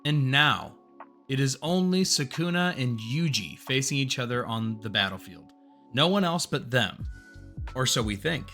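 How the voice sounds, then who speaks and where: Casting note: bright-voiced man, casual story-recap host, earnest and rambling, faint music underneath. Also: medium pitch, normal speed. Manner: earnest, rambling, gets excited and louder at big moments.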